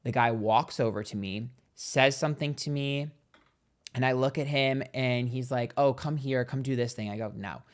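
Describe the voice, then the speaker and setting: A man's voice: mid-range voice, moderate pace. A man hosting a live stream, telling a gossipy story in casual chat, acting out what others said and thanking viewers for donations. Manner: chatty and gossipy, acts out quotes, reads donations aloud. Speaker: psychic tarot livestream host.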